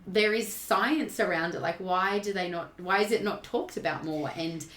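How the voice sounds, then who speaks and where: Lower-voiced woman host, hesitant phrasing. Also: moderate pace, fairly bright tone, echoey room. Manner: hesitant, with many fillers and "I guess". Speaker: podcast host and coach. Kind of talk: casual interview chat.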